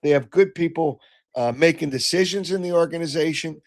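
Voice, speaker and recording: An older man hosting a call-in sports radio show, blunt and opinionated, clearing his throat as he gets over a cold. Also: on the high side, a little fast. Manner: blunt, opinionated, flares into shouting. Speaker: sports talk radio host.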